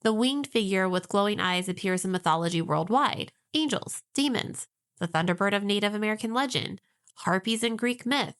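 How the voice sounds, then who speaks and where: A woman co-hosting a podcast, explaining ideas in a measured, informative way with light teasing. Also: medium pitch, animated, a bit bright, smooth. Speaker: podcast co-host.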